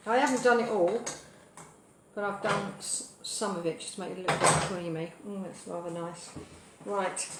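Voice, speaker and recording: Cheery British woman cooking in an echoey kitchen, natter over clattering dishes, mid-pitched and warm-hearted, chatty. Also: steady tone, normal speed, heavy background noise. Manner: cheerful, rambling, cheeky asides, bursts of loud whoops. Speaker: cooking show host. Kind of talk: chatty live cooking stream. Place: home kitchen.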